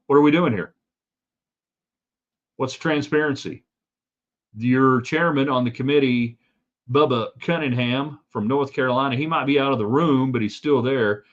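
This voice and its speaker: A man's voice: mid-range voice, lo-fi sound. A man hosting a live sports talk stream, opinionated and rambling with side remarks. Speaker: sports talk show host.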